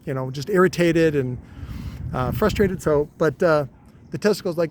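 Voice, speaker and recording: A man's voice: a little high, moderate pace, slight background noise. Crude, rambling man vlogging. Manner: crude, rambling, many fillers. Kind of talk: casual rambling monologue.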